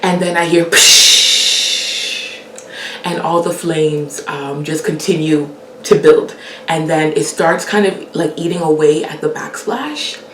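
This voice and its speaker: A young woman telling a casual personal story as host, animated and laughing often as she acts out the lines she quotes. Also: deep voice, slow pace, reverberant, far from the mic, a little hiss or hum.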